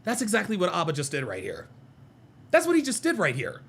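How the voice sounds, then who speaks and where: A man hosting a reaction video, talking in an animated, mocking and profane way and repeating himself for emphasis. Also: high-pitched, a little fast, gravelly. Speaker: host reacting to clips. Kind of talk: reaction commentary.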